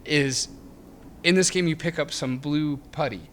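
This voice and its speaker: A man's voice: fairly high pitch, a little slow, a bit bright, a little hiss or hum. A man co-hosting a retro game podcast, chatting casually with frequent laughs and restarts. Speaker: podcast co-host. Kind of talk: casual chat reviewing a game.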